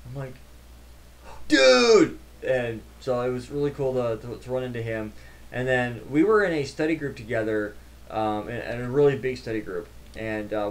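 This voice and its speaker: A man, a network engineer, casually recapping a tech conference in a rambling, chatty way with many fillers. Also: mid-range voice.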